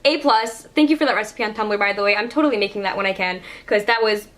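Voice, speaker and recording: A woman's voice: medium pitch, fast talker. A young woman vlogger telling a story in a casual, gushing way, full of "like" fillers. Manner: gushing, excited, constant "like" fillers.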